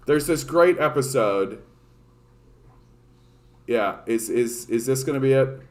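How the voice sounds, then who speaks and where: Male livestream host from Canada, mid-pitched, rambling sarcastic rant full of swearing and false starts. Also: lively intonation, slow, pauses often. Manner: profane, rambling, sarcastic, many restarts. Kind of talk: casual ranting livestream chat.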